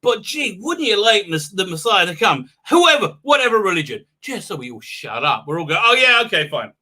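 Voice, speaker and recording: A man hosting a casual livestream, chatting with viewers in a rambling, excitable way and laughing often. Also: high voice, moderate pace. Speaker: livestream host; rabbi. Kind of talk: casual live-stream chat reading viewer comments.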